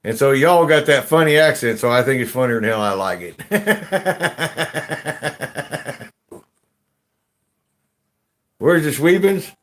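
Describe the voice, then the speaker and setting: Man, folksy drawl, slangy grammar, slow rambling talk, slightly high voice, casual gold panning host. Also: animated, a bit bright. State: drinking beer. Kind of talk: casual chat to viewers.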